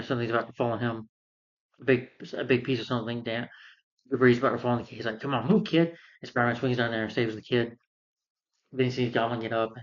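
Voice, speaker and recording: A man's voice: medium pitch, highs cut off. Rambling man retelling a movie plot. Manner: rambling plot retelling, acting out quoted lines. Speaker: film reviewer. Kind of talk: casual spoken film review.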